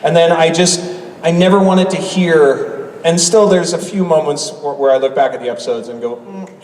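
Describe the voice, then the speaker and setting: A man's voice: fairly high pitch, moderate pace, a little mellow. A middle-aged man from Canada, an actor answering questions on a convention panel, playful and thoughtful. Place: large convention hall. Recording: echoey hall, from a distance.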